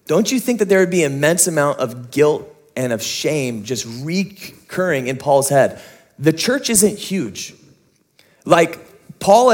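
A young adult pastor preaching in a loose, chatty way, with a somewhat high voice. He tells stories on himself with quick asides and jokes. He then drops back into earnest points. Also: a little mellow. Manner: conversational, self-mocking storyteller, quick asides. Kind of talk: sermon.

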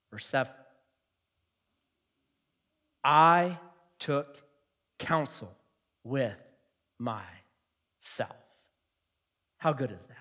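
A middle-aged man preaching a sermon in a jokey, animated way, acting out quotes. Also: fairly high pitch, slightly rough. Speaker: pastor.

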